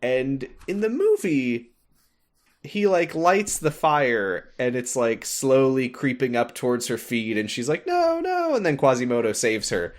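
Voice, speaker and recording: A podcast host with a mid-range voice recaps a video game in an unhurried, casual chat. He rambles, uses lots of fillers, and laughs frequently.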